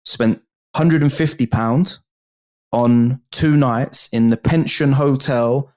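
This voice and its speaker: A man, a podcast guest, telling his story in a casual, animated way, swearing freely and calling the host bro and mate. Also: medium pitch, takes it slowly.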